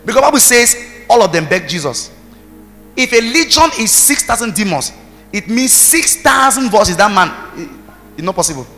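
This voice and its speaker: Pastor, high and ringing, booming hall, soft music under him, punchy preaching. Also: male voice, very animated, moderate pace. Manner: emphatic preaching, shouting bursts, commands to the congregation. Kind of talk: sermon. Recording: reverberant hall with music behind.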